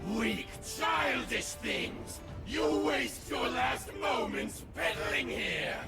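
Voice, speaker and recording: A man voicing a twisted elder demon lord, shouting in a high, breathy, gloating voice. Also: animated, extremely slow, heavily acted. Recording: loud music and crowd noise behind.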